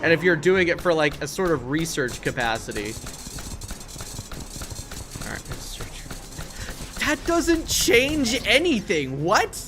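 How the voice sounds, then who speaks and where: A man's voice: on the high side, expressive, a little slow, long pauses, background noise. A man streaming a video game live, talking to chat in a profane, exasperated rant. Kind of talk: live gaming stream commentary.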